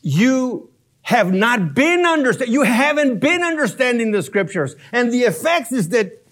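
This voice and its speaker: Man, high voice, lively swinging pitch, unhurried delivery, chuckling Bible teacher. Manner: animated and chuckling, explains grammar step by step. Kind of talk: expository sermon.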